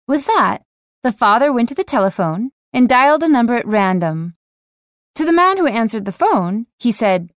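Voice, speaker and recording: A woman telling a joke as a short story, narrating in an expressive way. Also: on the high side, moderate pace, no room sound, studio quality.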